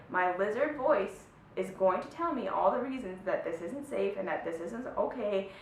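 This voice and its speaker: A woman giving a motivational self-help talk to camera, earnest and often checking in with "right?" and "okay?". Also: fairly bright tone. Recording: echoey room, slightly distant mic, faint rumble.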